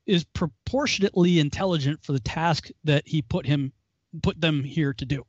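A man with a fairly high voice co-hosts a casual Bible study talk. He tells stories in an animated way and breaks into small chuckles. The recording is dry and a little dull, like a lo-fi call. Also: normal speed, no echo. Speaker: co-host.

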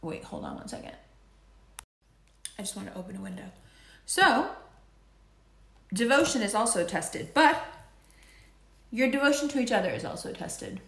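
A woman with a fairly high, creaky voice and huge pitch swings gives a casual horoscope and tarot reading at normal speed, leaving long pauses. As an astrology and tarot reader, she's playful and chatty, wanders onto tangents and swears now and then. The room is echoey.

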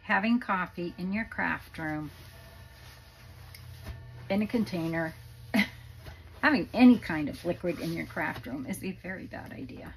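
A woman's voice: fairly low pitch, measured pace, pauses often, slight background noise, rough recording. A woman hosting a casual craft tutorial from her home craft room, chatty and rambling with many fillers, a little out of breath. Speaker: craft channel host.

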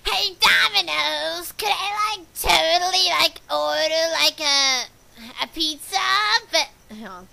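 A woman's voice: very high voice, slow, creaky, sharp tone. A woman doing fan dub voice takes, stumbling over her lines, cutting herself off and asking to start again. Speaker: fan dubber.

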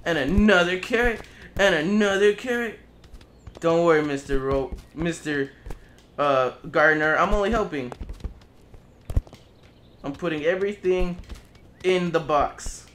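A man's voice: fairly high pitch, a little slow, long pauses, a bit bright, slight background noise. A man giving casual gameplay commentary, playful and taunting, swearing as he speaks in character as a goose. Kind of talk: casual let's play commentary.

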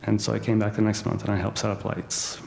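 Gravelly low-voiced man in echoey hall. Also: monotone, fast, a little mellow. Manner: earnest, self-deprecating. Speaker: assembly speaker. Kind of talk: personal testimony talk. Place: large hall.

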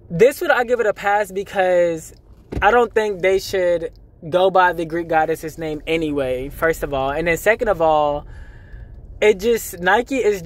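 Blunt, profane man ranting on a vlog. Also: a little high. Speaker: vlogger. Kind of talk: casual vlog monologue. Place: in a car, then a store. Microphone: phone camera.

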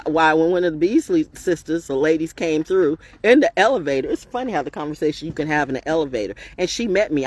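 A woman's voice: sits low, a bit bright, husky, no echo. A woman giving a rambling, defiant spiritual monologue on her vlog, streetwise and preachy, swearing freely. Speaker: spiritual vlogger.

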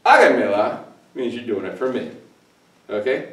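A man's voice: medium pitch, normal speed. A man teaching a Spanish grammar lesson on video, explaining playfully and joking with his cameraman. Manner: playful, jokey, animated asides. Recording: echoey room, distant mic.

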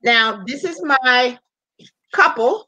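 A woman from Maryland, a visual artist, calmly explaining and presenting her prints on a livestream. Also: high-pitched, slow pace, highs cut off. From Maryland, USA.

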